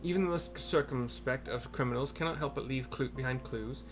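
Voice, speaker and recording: A man's voice: mid-range voice, a little fast, music in the background, lightly acted. A man voicing a grandiose, self-assured inspector who speaks in florid, old-fashioned formal phrases.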